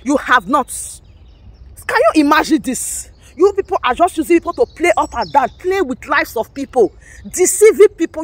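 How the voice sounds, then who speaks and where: High-voiced Nigerian woman, scolding rant. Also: expressive, moderate pace. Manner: scolding, repetitive, mixes Pidgin into English. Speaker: political commentator. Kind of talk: heated vlog rant.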